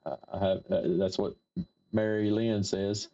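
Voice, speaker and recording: A man's voice: on the low side, flat delivery, measured pace, warm tone. A man with an Appalachian accent, hosting a livestream and rambling in a folksy way straight to his chat. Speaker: livestream host. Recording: dull lo-fi stream audio.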